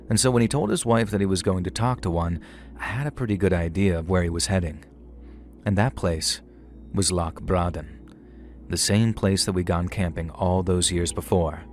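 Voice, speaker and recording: A middle-aged man narrating a scripted horror story in a measured, wry storytelling manner. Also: low voice, a little mellow. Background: faint music.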